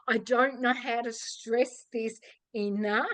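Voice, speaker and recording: A middle-aged Australian woman, an author, chatting casually on a podcast and telling lively stories with acted-out quotes. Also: fairly high pitch, slow pace, dry recording, poor audio. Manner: animated storyteller, acts out quoted voices. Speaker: author guest.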